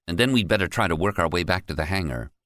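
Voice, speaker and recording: A man's voice: low voice, animated, fast talker, fairly bright tone, dry recording, clean studio sound. A man voicing Tony, a nervous young man who is determined and urgent, in an audiobook. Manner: urgent, reasoning. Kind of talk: audiobook character voice.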